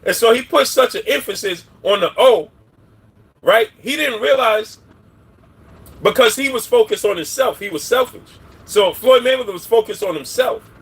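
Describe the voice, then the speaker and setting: A man hosts a casual boxing commentary livestream, rambling through his opinions on the sport and greeting viewers by name. His voice is high and breathy-edged, with lively intonation and a moderate pace.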